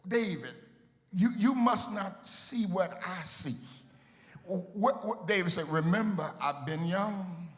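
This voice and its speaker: Man, pastor, slow sing-song sermon, high pitch, long church-hall echo. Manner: sing-song preaching cadence that builds to shouting; repeats words and phrases for emphasis. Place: church sanctuary. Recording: long hall reverb with faint music.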